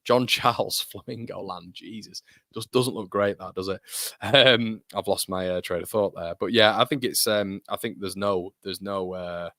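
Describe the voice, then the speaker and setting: A man's voice: fairly low pitch, fairly even intonation, normal speed, a bit bright, dry recording, studio quality. A man in his thirties with a British accent, hosting a casual live football watchalong and chatting loosely while reading out viewer messages. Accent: British English. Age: 30s. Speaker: football fan channel host.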